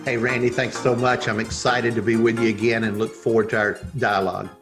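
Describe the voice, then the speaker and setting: Earnest low-voiced man telling a story. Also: flat delivery, fairly quick, a bit bright, soft background music. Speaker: guest, leadership coach. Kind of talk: podcast interview storytelling.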